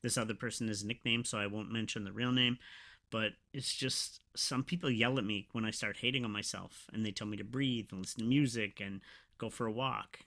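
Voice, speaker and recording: Rambling emotional man with a bright voice. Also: on the low side, fairly even intonation, creaky. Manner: rambling, emotional, halting with fillers. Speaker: podcast host. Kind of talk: casual confessional podcast talk.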